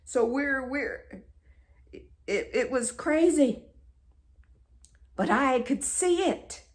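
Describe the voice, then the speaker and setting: A woman who teaches spirituality, telling a personal story in a halting way, repeating words and sometimes dropping to a soft whisper. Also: high voice, lively intonation.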